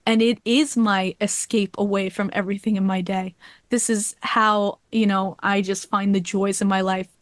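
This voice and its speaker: A woman guest on a podcast telling a heartfelt personal story, animated and quick to laugh, getting choked up. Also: mid-range voice, dry recording, studio quality.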